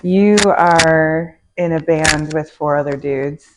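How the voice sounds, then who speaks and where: A woman's voice: low voice, steady tone, slow pace. Encouraging woman interviewer, faint background noise. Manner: encouraging, short affirmations. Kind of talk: casual interview conversation.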